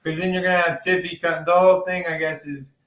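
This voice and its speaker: A man's voice: high-pitched, flat delivery, fast, a bit bright. Profane, rambling man in an echoey room. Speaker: podcast co-host. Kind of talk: casual wrestling chat. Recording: roomy echo.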